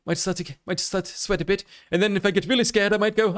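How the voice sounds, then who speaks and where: A man's voice: sits high, steady tone, fast, few pauses, a bit bright. An Australian man chatting casually on a live stream, rambling and self-amused with plenty of fillers. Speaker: VTuber streamer.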